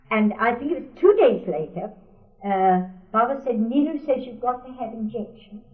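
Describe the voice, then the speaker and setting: An older woman recounting a personal memory for an oral history, wry and often laughing as she quotes others. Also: fairly high pitch. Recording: tinny, echoey archival tape.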